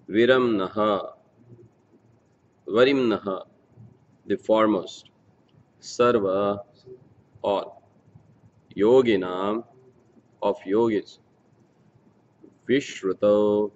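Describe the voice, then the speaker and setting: A man reading scripture aloud, slowly chanting Sanskrit verses again and again, then giving word meanings and a translation. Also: lowish voice, fairly even intonation, darkish tone. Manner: slow, measured recitation, verses repeated several times. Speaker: scripture reader and speaker. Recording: dull lo-fi sound with long hall reverb.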